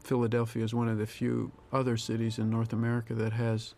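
An older man talks through a film in a calm director's commentary, measured and reflective, pausing to pick his words. His voice stays low and level, with hardly any rise or fall, and a gravelly edge runs through it. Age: 60s. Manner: reflective, measured, with pauses and restarts. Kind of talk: audio commentary.

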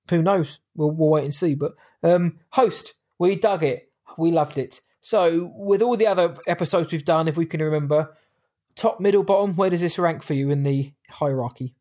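A British man co-hosting a casual podcast chat, rambling and quick to laugh. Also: fairly high pitch, warm tone. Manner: rambling, chatty, laughs easily. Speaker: podcast co-host.

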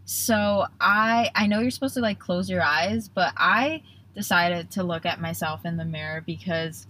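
A woman's voice: lowish voice, unhurried, sharp tone, a little hiss or hum. Bubbly young woman hosting a podcast. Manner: bubbly, rambling, self-interrupting. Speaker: podcast host. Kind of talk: casual solo podcast chat.

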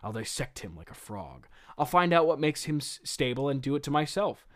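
A man's voice: mid-range voice, big pitch swings, fairly quick, lightly acted. A man reading as a vengeful young villain.

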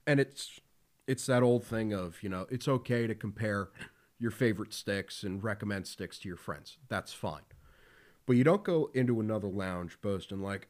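A man's voice: lowish voice, expressive, moderate pace. A man hosting a podcast in casual talk, blunt and profane, with lots of fillers. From Philadelphia area. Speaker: podcast host.

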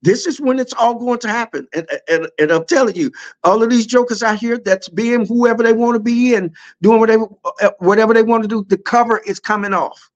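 A man's voice: extremely high pitch, a little fast, few pauses, lo-fi sound. Preacherly man in casual spiritual chat. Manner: preacherly, building emphasis with repeated phrases. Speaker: podcast host.

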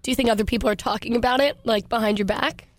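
A woman's voice: on the high side, fairly even intonation, quick pace, no room sound. A young woman in her twenties talking candidly and chattily on a casual podcast.

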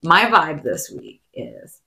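Brief: giggly woman co-host, slow animated storytelling, light background hiss. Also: low voice, creaky. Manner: giggly, storytelling, attempts silly accents. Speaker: podcast co-host. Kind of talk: casual chat.

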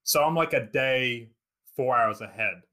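A man's voice: medium pitch, measured pace, pushed and bright. A man in his twenties from England, raised in New Zealand, chatting casually as a podcast host over a remote call with many fillers. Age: 20s. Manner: rambling, lots of fillers and restarts. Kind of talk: casual chat.

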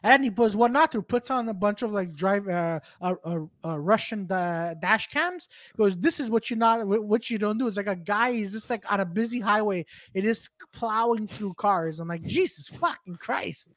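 A man's voice: high voice, moderate pace, hardly any pauses, fairly bright tone, no room sound. A man on a casual comedy podcast, rambling through stories with lots of fillers and jokes. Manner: rambling with many fillers, joking. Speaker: podcast co-host.

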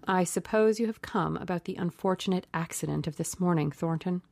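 A woman voicing a young English gentleman who talks languidly, then sharply and urgently. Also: on the low side, a little fast, gravelly, dry recording.

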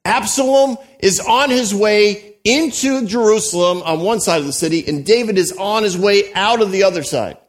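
A pastor delivering a sermon, telling a story with animated asides to the congregation and frequent restarts. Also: male voice, high voice, moderate pace, hardly any pauses.

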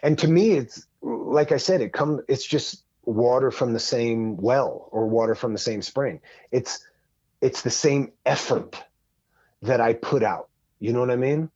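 A man spins a loose, profanity-laced story as a podcast guest, words tumbling out with restarts and asides. His voice sits at an ordinary middle pitch. The recording sounds a bit dull and lo-fi. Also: measured pace, slightly rough, no echo. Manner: profane, rambling, animated. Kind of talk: casual storytelling.

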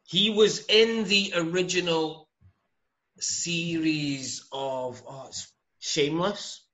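A man co-hosting a film podcast, talking in a relaxed, rambling way. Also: on the high side, slow. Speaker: podcast co-host. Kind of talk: casual podcast chat. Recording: dull lo-fi sound.

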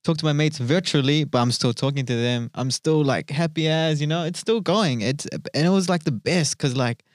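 A man's voice: fairly high pitch, normal speed, dry recording, studio quality. A young man with a New Zealand accent, a dancer guest on a podcast, rambling enthusiastically with lots of filler words. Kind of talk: casual podcast chat.

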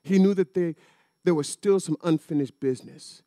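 A middle-aged pastor, preaching a sermon in a chatty storytelling way that builds to emphatic peaks. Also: male voice, high-pitched, moderate pace, warm tone, no room sound, studio quality.

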